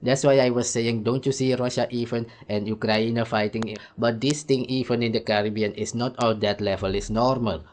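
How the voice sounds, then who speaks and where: A man's voice: medium pitch, steady tone, moderate pace, few pauses, darkish tone. Surinamese man reacting with rambling commentary. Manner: rambling, acts out dialogue in raised voices. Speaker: reaction video host. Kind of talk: casual commentary.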